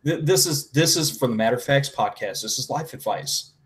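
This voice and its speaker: A man's voice: medium pitch, expressive, fairly quick. Blunt man with crude humor. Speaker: podcast guest. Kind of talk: casual chat.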